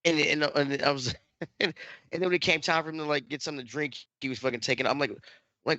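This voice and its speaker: A man's voice: on the high side, steady tone, fast talker, bright, forceful tone, no room sound, highs cut off. A man co-hosting a podcast, telling a story in casual chat with many restarts, repeats and swearing. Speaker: podcast co-host.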